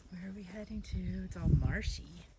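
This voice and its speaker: A woman hosting a casual vlog outdoors in a marshy refuge, talking into a handheld camera with giggly, gushing excitement. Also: lowish voice, normal speed, heavy background noise. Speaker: vlog host. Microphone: handheld camera at arm's length.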